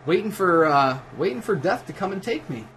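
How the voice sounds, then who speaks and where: At home while gaming, a drunk livestream host tells a profane, rambling story in a casual way, restarting many times. His voice is high-pitched and fairly bright, fairly quick with big pitch swings, and faint music plays behind him.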